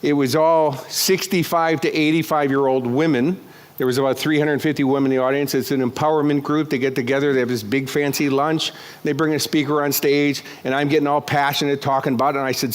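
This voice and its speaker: Man, motivational speaker, live keynote, lively and jokey, slightly high voice. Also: brisk. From United States. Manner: energetic, jokey, crude asides, acts out characters. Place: conference stage before a live audience.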